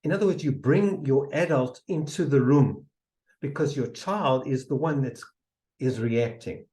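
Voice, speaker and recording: A man giving a motivational seminar talk, emphatic and repetitive, sometimes dropping to a soft near-whisper to demonstrate. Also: mid-range voice, unhurried, rough recording. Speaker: seminar speaker.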